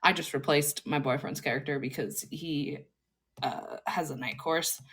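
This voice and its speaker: A woman's voice: deep voice, normal speed, a bit bright, husky. A woman co-hosting a podcast, chatting casually in a laid-back, rambling way and giggling often. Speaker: podcast co-host. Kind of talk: casual chat.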